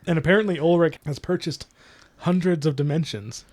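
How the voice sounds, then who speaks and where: A man's voice: a little high, a little fast, a little mellow. A man co-hosting a casual book discussion podcast, laughing often and acting out characters' lines. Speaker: podcast co-host.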